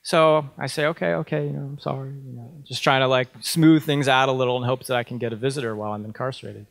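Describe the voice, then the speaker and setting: A man in his thirties speaks at a conference and tells a personal story. He talks in a conversational way, full of ums and small restarts. His voice sits at an ordinary middle pitch, and the sound is dry and close. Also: steady tone, fast, no echo.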